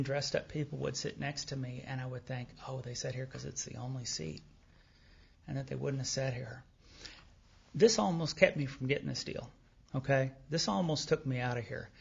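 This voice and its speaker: A man telling his recovery story at a meeting, candid and self-deprecating, animated as he acts out remembered dialogue, on a dull lo-fi tape. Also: mid-range voice, gravelly, husky. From Texas. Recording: dull lo-fi tape of a live talk.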